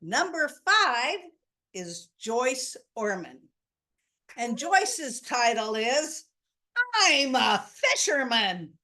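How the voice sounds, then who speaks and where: A woman's voice: a little high, sing-song, drawn-out words, sharp tone. A woman hosting a storytelling event, announcing the next teller in an upbeat way. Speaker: event host.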